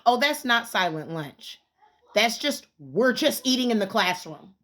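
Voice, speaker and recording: A woman in her thirties, a parent, giving an impassioned, emphatic rant to camera, rising to near shouting. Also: on the high side, very animated, a little slow.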